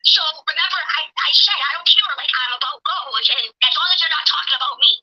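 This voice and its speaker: A high-pitched woman argues back defensively, stumbling and rambling. She comes through a phone line with steady noise behind her. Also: a little fast. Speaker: caller. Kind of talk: heated livestream argument.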